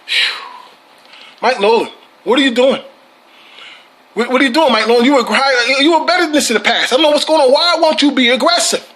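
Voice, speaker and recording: A man's voice: very high-pitched, brisk, long pauses, bright, forceful tone. A man hosting a fan channel, ranting about his team with heavy profanity, frequent repeats and laughter.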